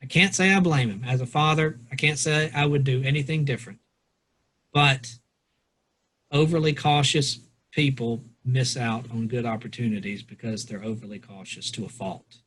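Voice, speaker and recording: Male podcast co-host, husky, mid-pitched, rambling casual talk. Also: steady tone, normal speed, fairly bright tone. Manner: loose, rambling, reads quotes aloud with restarts. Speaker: podcast co-host, pastor or lawyer. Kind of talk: casual book discussion.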